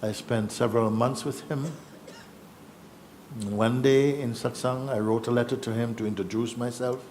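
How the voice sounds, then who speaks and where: A middle-aged man, a spiritual teacher, relaxed and chuckling as he tells his story to a gathering and acts out the voices in it. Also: mid-range voice, moderate pace, slight background noise. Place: yoga festival gathering.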